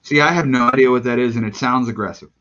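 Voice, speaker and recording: A man's voice: medium pitch, fast, bright, forceful tone. A male podcast host asking curious, laid-back questions in casual chat. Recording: dull lo-fi sound.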